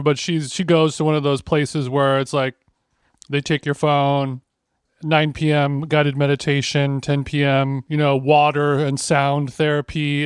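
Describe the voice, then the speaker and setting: Smooth-voiced joking podcast co-host man. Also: medium pitch, no echo, clean studio sound. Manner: joking, crude, quick asides. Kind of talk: casual banter.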